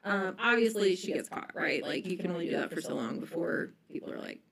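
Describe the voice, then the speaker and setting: Young woman, casual podcast storyteller, loose and chatty, slightly low voice. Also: animated, a little fast, vocal fry, hardly any pauses, husky, rough recording. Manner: chatty storytelling, many ums and likes. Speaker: podcast co-host telling a history story.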